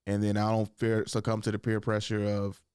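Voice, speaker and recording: A man's voice: fairly low pitch, completely flat delivery, fairly quick, a little mellow, clean tone, no room sound, clean studio sound. A young man hosting a podcast, telling a casual, rambling story and acting out what other people said. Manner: rambling, repeats "I was like", acts out the voices of other people. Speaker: podcast host.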